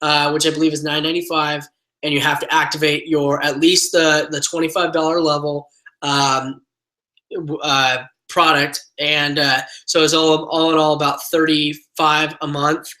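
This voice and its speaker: Male online trainer, bright, upbeat motivational delivery, loose and filler-heavy. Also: on the high side, moderate pace, low-quality recording. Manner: energetic motivational coaching, many fillers. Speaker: team trainer. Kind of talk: live online training webinar.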